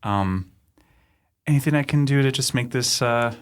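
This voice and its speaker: A man's voice: mid-range voice, normal speed, clean tone. A man playing a tabletop game, speaking in character in an affable, rambling way with lots of fillers. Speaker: player.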